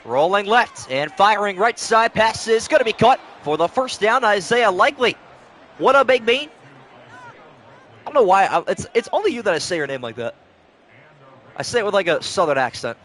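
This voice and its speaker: A man's voice: sits high, lively intonation, brisk, fairly bright tone. A young man calling play-by-play on a live stream, switching between announcer-style calls and casual chat with viewers, short on sleep.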